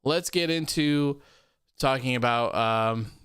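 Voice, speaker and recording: A young man hosting a wrestling post-show livestream, chatting casually with a rambling, relaxed manner and reading out viewer comments. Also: mid-range voice, slow, clean tone, dry recording, clean studio sound. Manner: rambling and relaxed, many fillers and repeats.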